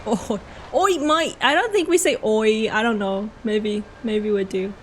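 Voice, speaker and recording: A woman's voice: a little high, measured pace, a little hiss or hum. A young Australian woman with an Australian accent, chatting casually with her viewers while she plays a game on stream. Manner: chatty, answering chat while playing. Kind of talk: casual gameplay commentary.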